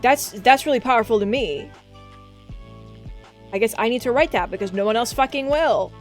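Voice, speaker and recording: A woman streamer chatting casually and excitably, often swearing and breaking into laughter. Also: on the high side, moderate pace. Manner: excitable, swears a lot, frequent laughing outbursts. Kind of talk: casual live-stream chat. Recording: faint background music.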